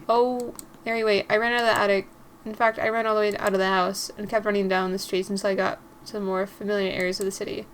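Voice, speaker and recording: A young woman reading a visual novel aloud, narrating casually and breaking off to comment and giggle. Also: mid-range voice. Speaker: gaming creator.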